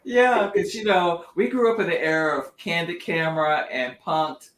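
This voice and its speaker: A woman's voice: lowish voice, moderate pace. A middle-aged woman co-hosting a casual chat, reacting with sympathy and asking many questions. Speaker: podcast co-host. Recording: echoey room.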